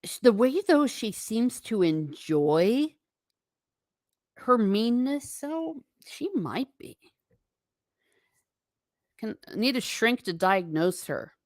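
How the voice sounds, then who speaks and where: An American woman reads viewer comments aloud on a casual livestream, speaking slowly and expressively in a mid-range voice and laughing often. The recording is dry and clean, studio-grade.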